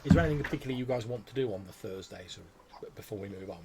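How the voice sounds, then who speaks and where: Game master, male, casual rambling narration, a gravelly edge. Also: lowish voice, lively intonation, rapid-fire, a little mellow, a little hiss or hum. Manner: rambling, filler-heavy narration.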